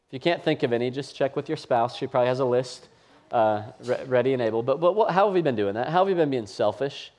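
A man's voice: medium pitch, darkish tone. Male pastor in his thirties, storytelling sermon to a live congregation, chatty and self-deprecating. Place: church campus before a live audience.

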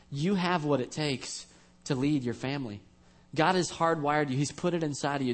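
A man preaching in a church as pastor, telling a family story in a casual, joking, conversational way. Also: mid-range voice. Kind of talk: storytelling sermon.

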